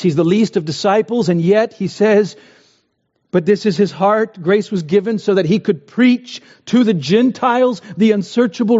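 Earnest high-voiced preacher in a hall. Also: male voice, warm tone. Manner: earnest, rising to impassioned pleas. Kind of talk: sermon. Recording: dull, roomy hall sound.

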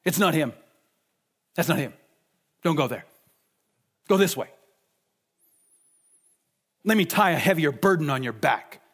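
A man voicing stern, legalistic religious leaders in a low, dismissive mutter while preaching. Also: lively intonation, measured pace, long pauses, a bit bright, breathy edge, heavily acted. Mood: scornful, dismissive.

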